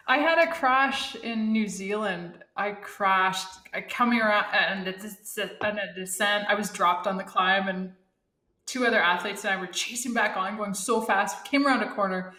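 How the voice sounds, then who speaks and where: A middle-aged woman, a former Olympic athlete, telling animated stories in a casual podcast interview, laughing often. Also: mid-range voice, moderate pace, reverberant.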